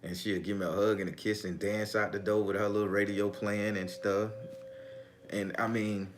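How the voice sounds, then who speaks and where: A man's voice: lowish voice, flat delivery, normal speed, slight background noise. A middle-aged man, telling family stories and preaching in a casual, profane way. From Southern US. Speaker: spiritual vlogger. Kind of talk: casual spiritual talk.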